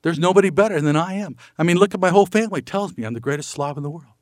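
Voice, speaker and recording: A middle-aged man gives a folksy motivational talk. His voice sits a bit high for a man and comes through dry and close, with no room around it. He keeps asking rhetorical questions and acts out the people in his stories. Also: very fast, no room sound. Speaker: motivational speaker.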